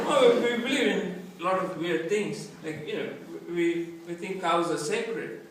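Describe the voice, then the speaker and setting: A middle-aged man from India doing a stand-up comedy set with self-mocking, deadpan punchlines. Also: high-pitched. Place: large echoey performance hall. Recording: echoey hall, distant, noisy.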